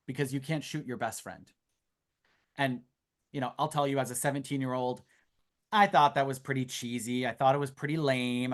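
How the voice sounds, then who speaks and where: A man in his thirties presenting an online info session in a chatty, storytelling way with asides, heard over a video call. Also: mid-range voice. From Canada. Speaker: youth exchange presenter.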